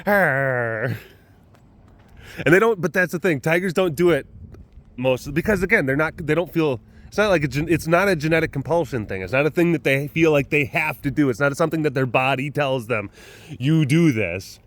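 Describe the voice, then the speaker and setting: This man, keeper at a big cat sanctuary and host of its webcast, speaks at a moderate pace in a fairly high, fairly bright and animated voice. Talking to camera outdoors at the wild animal facility, he wanders from point to point, keeps restarting, laughs a lot and occasionally does animal noises.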